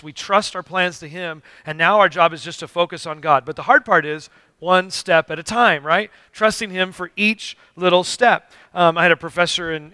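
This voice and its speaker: A man's voice: a little high, bright, forceful tone, no room sound. A man preaching a sermon as pastor, telling stories with acted-out dialogue in an earnest, emphatic way. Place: church sanctuary.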